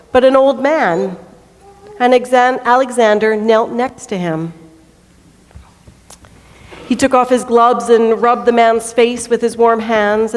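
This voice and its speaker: Woman reading a story in a church. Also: a little high. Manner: slow, deliberate storytelling. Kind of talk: reading a children's story aloud. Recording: echoey church hall.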